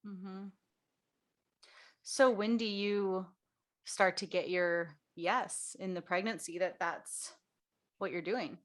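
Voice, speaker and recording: A woman's voice: mid-range voice, takes it slowly, pauses often. A woman hosting a podcast interview in a casual, talkative way, often saying "like". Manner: talkative, peppered with "like". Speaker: podcast host.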